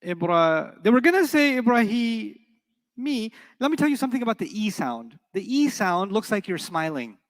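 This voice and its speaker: Joking high-voiced man teaching. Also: big pitch swings, normal speed, in a large hall. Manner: playful, joking, quizzes the class. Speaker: Arabic teacher. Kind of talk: classroom lecture.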